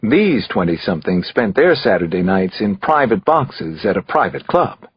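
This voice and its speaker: Expressive male thriller narrator. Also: on the low side, moderate pace, husky, dry recording, highs cut off. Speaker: audiobook narrator.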